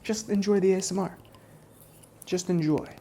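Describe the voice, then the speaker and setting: A man voicing a smug, menacing male hitman in a whispered role-play, taunting his captive in a soft, close voice. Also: high voice, fairly even intonation, moderate pace, vocal fry, slight background noise. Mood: menacing calm. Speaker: ASMR role-play performer.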